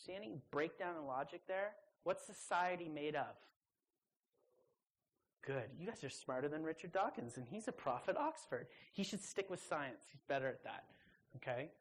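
In front of a live audience, a woman delivers a sermon with emphasis and a conversational feel. She throws in teasing asides and abruptly shifts into high voices when quoting. Her delivery is animated and her speed is normal.

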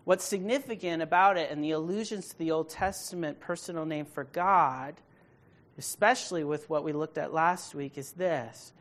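Leading an evening Bible study at a moderate pace, a woman speaks with emphasis and asks questions to check on her listeners. Her scripture readings rise to a loud, forceful pitch.

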